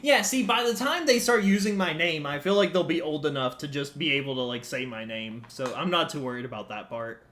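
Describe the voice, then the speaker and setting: A man's voice: fairly high pitch, fairly quick, hardly any pauses. A man chatting casually to his viewers on a live stream, alone in a small room, swearing loosely and jumping between topics. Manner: animated, swears casually, talks to chat.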